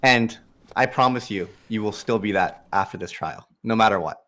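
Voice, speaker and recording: A man playing a tabletop game in character, stammering and quietly menacing. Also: moderate pace. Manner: stammering, low-key menacing. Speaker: player. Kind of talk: in-character tabletop role-play.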